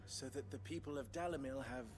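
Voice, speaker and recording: An actor voicing a composed, theatrical man in a video game, speaking in a measured, formal way. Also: mid-range voice, natural voice. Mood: resolved. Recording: faint game music behind.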